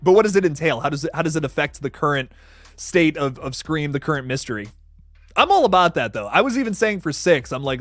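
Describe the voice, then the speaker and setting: Excitable young man with a lively voice. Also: on the high side, fast, no room sound, soft background music. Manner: excitable, laughing often, stumbling restarts. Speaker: livestream host reading chat. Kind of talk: casual livestream chat.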